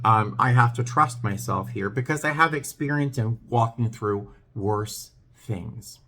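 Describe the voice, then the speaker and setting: A middle-aged man talking to his viewers in a vlog, earnest and hesitant, with many pauses and restarts. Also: medium pitch, a bit bright, slight background noise. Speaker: vlogger. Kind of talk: talking to camera, heartfelt chat.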